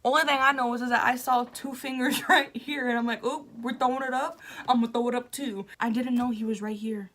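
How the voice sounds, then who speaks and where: Gushing young woman with a bright voice. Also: on the high side, a little fast, few pauses. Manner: gushing, excitable, with laughs and self-interruptions. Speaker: vlogger. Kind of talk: casual storytelling to camera.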